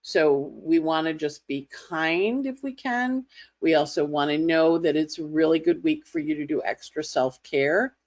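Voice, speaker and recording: A woman's voice: deep voice, a little mellow. Woman astrologer chatting thru a weekly forecast, playful impressions, kinda muffled lo-fi audio. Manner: chatty, conversational, mimics others in playful voices. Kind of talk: casual spoken forecast. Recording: slightly dull lo-fi audio.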